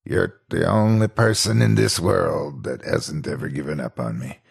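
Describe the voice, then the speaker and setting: A gruff old pirate fox animatronic , as a man puts him on, drawling slowly in pirate talk. The voice sits low and gravelly with a husky edge. It's a spoken storybook reading. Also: steady tone, full character voice. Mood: fond, gentle.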